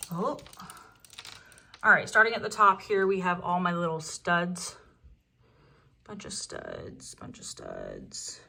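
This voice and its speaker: A woman's voice: fairly low pitch, a bit bright. A young woman chatting casually through a room tour at home, interrupting herself and swearing offhand as she goes. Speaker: beauty vlogger. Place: home room being toured.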